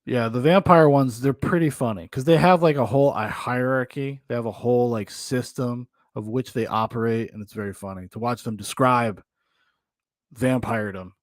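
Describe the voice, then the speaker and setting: A man's voice: mid-range voice, normal speed, no echo, clean studio sound. A man hosting a podcast in loose, rambling casual chat, often laughing. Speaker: podcast host.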